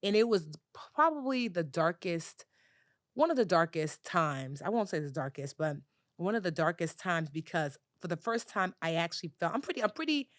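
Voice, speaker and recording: A woman in her forties tells her story as an interview guest, her pitch swinging from low to high as she acts out other voices. Her voice sits on the lower side, recorded close and dry. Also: lively intonation, moderate pace, no room sound. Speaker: guest, personal finance educator.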